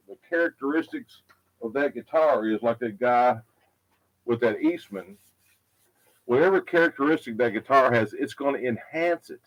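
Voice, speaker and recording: A man's voice: mid-range voice, muffled recording. A middle-aged man who repairs guitars, talking casually and bluntly, rambling, repeating himself and swearing. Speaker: guitar repair tech and product maker. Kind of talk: casual live product talk. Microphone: unsure where the mic is.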